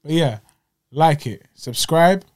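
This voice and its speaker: A young man co-hosting a podcast, telling stories in casual slang and getting louder as he gets riled up. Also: fairly high pitch, slow pace, background noise. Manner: animated storytelling with slang, voices rising when riled. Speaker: podcast co-host. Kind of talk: casual chat. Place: small home studio.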